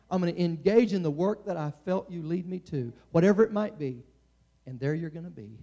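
Middle-aged man preaching casually with frequent restarts, gravelly, warm-toned voice. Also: fairly high pitch. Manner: conversational, frequent restarts and stammers. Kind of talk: sermon.

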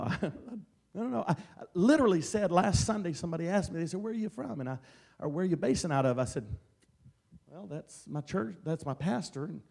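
A middle-aged man from Mississippi, a traveling evangelist, telling stories that build into loud, shouted Pentecostal preaching. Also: fairly high pitch, gravelly. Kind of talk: Pentecostal sermon.

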